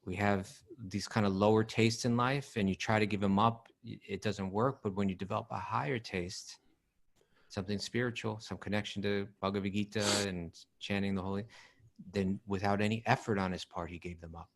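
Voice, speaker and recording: A man co-hosting a casual podcast chat, relaxed and thinking aloud as he talks. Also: on the low side, brisk. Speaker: podcast co-host.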